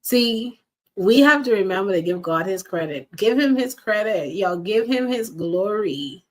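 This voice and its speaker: A woman's voice: mid-range voice, lively intonation, a little slow. A woman coach giving an earnest faith-based motivational talk, repeating key phrases and speaking straight to her listeners.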